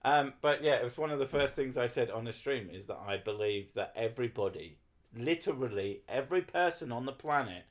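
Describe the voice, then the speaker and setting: A man's voice: medium pitch, expressive, a little fast. A man chatting casually on a livestream, rambling and swearing while he talks to his viewers. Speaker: streamer.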